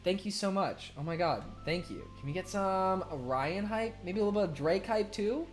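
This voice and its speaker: A young man with a high, lively voice speaks at a normal speed as he streams, chatting casually and reading viewers' messages out loud. He laughs often, swears freely, and alternates between loud and mumbled. Faint music is in the background.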